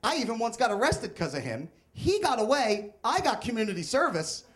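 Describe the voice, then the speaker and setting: A man's voice: very high voice, big pitch swings, a little fast, a bit bright. A young man telling a comic, self-mocking personal story on stage at a live storytelling event.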